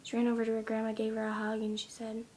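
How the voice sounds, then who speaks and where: A young woman in her teens retelling a story in a casual vlog, speaking softly and often near a whisper, with many ums. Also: a little high, completely flat delivery, quick pace, a little hiss or hum. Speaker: vlogger.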